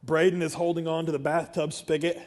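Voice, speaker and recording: Middle-aged man, church pastor, lively sermon storyteller, slightly high voice, shouts at the peaks. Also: a little fast. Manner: animated storytelling, swinging from quiet to shouting. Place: church sanctuary.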